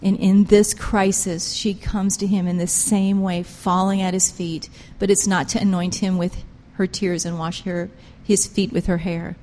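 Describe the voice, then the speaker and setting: A woman preaching a sermon with passion, pressing her points hard and swinging between loud emphasis and quiet intensity. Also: medium pitch, little pitch movement, unhurried, hardly any pauses, big-room sound, a little hiss or hum. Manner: impassioned, emphatic, rises and drops sharply in loudness.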